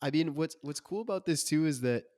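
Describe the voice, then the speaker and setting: A man's voice: a little high, a little fast, a little mellow, no room sound, studio quality. A man co-hosting a podcast, talking casually and with energy about a film, using loose slang. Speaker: podcast co-host.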